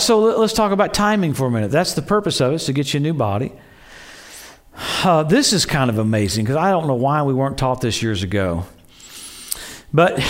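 A man preaching a sermon in an excitable storytelling way, acting out quoted voices and exclaiming. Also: high-pitched.

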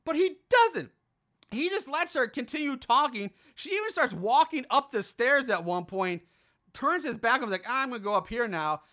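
A podcast host recapping a horror film in casual chat, animated and profane, often exasperated. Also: high voice, moderate pace.

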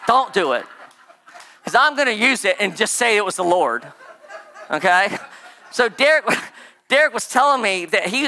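A preacher delivers a casual, conversational sermon, rambling and animated, with plenty of "like" and "right?" asides. His voice is medium in pitch.

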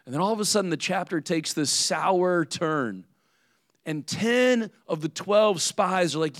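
Male pastor giving a sermon, chatty, keeps saying right?, bit high voice, dry sound. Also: normal speed, dry recording. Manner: conversational, often asks "right?".

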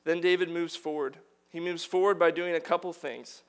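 A man's voice: on the high side, steady tone, normal speed, clean tone. A man preaching a sermon, earnest and building to emphatic declarations.

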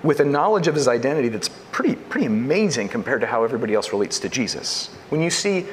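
A man preaching a sermon, asking rhetorical questions and swinging between loud emphasis and hushed lines. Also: medium pitch, very animated, fast, hardly any pauses, a little hiss or hum. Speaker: pastor.

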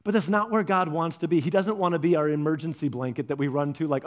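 A man's voice: a little high, fast talker, dull audio. A man preaching a sermon, telling personal stories and acting out his own reactions. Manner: animated storyteller, acts out his own reactions. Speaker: pastor.

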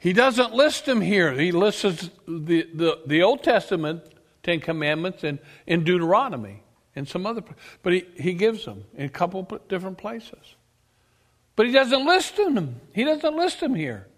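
A male preacher delivering an emphatic sermon, asking his congregation questions and swinging between loud declarations and quiet asides. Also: high-pitched. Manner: emphatic, rises and drops sharply, asks the congregation questions. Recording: long reverb of a church hall.

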